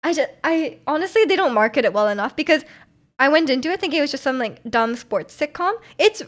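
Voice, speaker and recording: A young woman chats with her live stream viewers, rambling and restarting her sentences, often breaking into giggles. Her voice sits a little on the high side. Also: lively intonation, quick pace, fairly bright tone. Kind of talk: casual chat with live chat.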